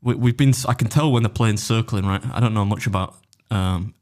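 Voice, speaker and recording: A man's voice: fairly low pitch, fairly quick, darkish tone. A man telling a story in casual podcast chat, rambling and self-deprecating, with plenty of swearing. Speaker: podcast guest, food challenge YouTuber.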